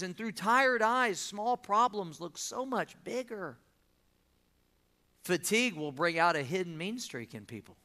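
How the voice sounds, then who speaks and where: A man's voice: sits high, pushed and bright. A man in his fifties preaching a sermon as a pastor, folksy and emphatic, repeating his key lines. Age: 50s.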